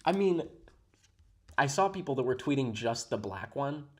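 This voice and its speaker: A man's voice: medium pitch, lively intonation, normal speed, a little mellow. A man hosting a reaction video, giving sarcastic, mock-admiring commentary.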